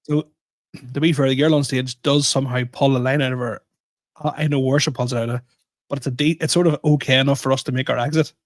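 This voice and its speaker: A man's voice: medium pitch, fast talker, no echo. A man co-hosting a podcast, telling a story in casual chat and poking fun at himself. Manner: animated, self-mocking storyteller. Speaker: podcast co-host.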